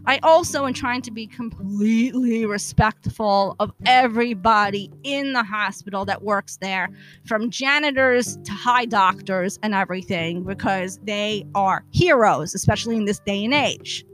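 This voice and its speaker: A woman's voice: medium pitch, normal speed, a bit bright, soft background music. A woman hosting a podcast, telling a personal story in a profane, exasperated rant. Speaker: podcast host.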